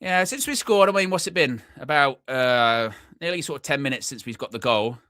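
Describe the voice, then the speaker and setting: A young man hosting a live football watchalong, chatty and excitable, shouting when his team scores. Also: mid-range voice, a little fast, dry recording, clean studio sound. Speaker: fan watchalong host.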